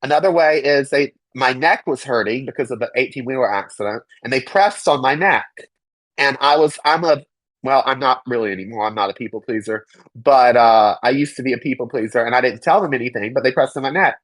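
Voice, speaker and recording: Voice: mid-range voice, a little fast, dry recording, poor audio. A young adult interview guest giving emphatic, indignant personal testimony, swearing freely and mocking others in quoted voices.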